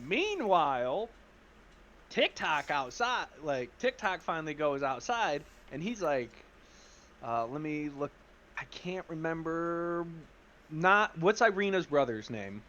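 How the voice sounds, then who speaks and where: A man's voice: fairly high pitch, big pitch swings, takes it slowly, bright, forceful tone, highs cut off. A man recapping a tabletop game session in casual slang and acting out the characters.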